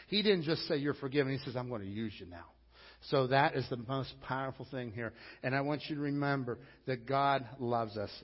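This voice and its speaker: Male pastor, emphatic sermon, long hall reverb, muffled lo-fi sound. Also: mid-range voice. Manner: emphatic preaching, rising to loud appeals. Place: church sanctuary. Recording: dull audio with long church reverb.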